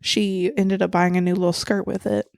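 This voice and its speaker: A woman talking on a podcast at an ordinary pitch, laughing easily as she chats. The recording is dry and close, with no echo. She comes across as relaxed and playful. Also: creaky. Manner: giggly, quick to laugh. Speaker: podcast co-host. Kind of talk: casual movie chat.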